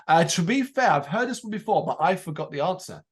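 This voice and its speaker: This co-host's voice sits high and his delivery is brisk. He recaps a TV episode on the podcast in a casual, animated way, putting on a performance for each quoted line.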